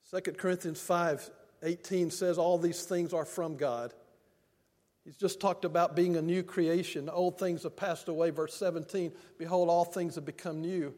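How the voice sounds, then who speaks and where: An older male pastor preaches in a church sanctuary, telling homely stories and drawing out key lines slowly. His voice sits high for a man. A long reverb trails after each phrase. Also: fairly even intonation, a little mellow. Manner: folksy storytelling preacher, slows for emphasis. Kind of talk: sermon. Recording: long reverb of a large hall.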